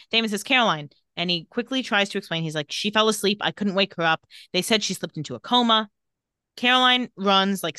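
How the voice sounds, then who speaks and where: A woman with a medium-pitched voice co-hosts a podcast, recapping a TV episode in casual chat. She animatedly retells scenes and quotes the characters' lines. The recording is dry and studio quality.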